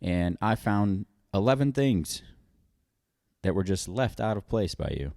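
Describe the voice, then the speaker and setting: A man's voice: fairly low pitch, lively intonation, a little slow, darkish tone, no echo, studio quality. A man in his thirties co-hosting a podcast, complaining about his partner in casual, exaggerated banter. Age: 30s. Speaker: podcast co-host.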